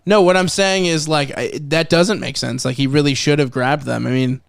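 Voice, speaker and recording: Animated man in a dry room. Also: on the high side, normal speed, vocal fry, no room sound. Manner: animated, swearing, acts out movie lines. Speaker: film podcast host. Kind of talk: casual chat.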